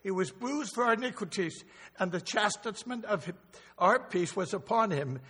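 A man's voice: sits high, expressive, moderate pace, pushed and bright. An older man preaching a sermon in a church, emotional and rambling, with restarts and asides. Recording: long hall reverb.

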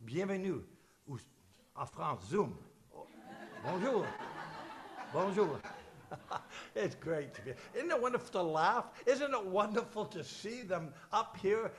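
A man leading a church service as pastor, emotional and chatty, fumbling with his notes and screen between warm asides. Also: high-pitched. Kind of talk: sermon with casual asides. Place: church service shared over video call.

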